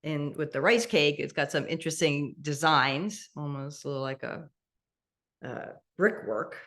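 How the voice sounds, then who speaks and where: A woman with a fairly low voice leads a mindful eating meditation, her pace slow and gentle. She guides students step by step and laughs softly now and then. She speaks over a video call. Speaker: meditation instructor.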